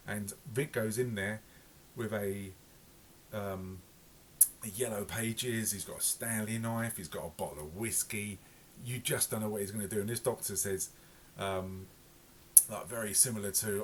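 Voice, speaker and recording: A man's voice: on the low side, moderate pace, a little hiss or hum. A man reviewing a TV episode in casual, rambling talk full of fillers and self-corrections. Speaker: podcast reviewer.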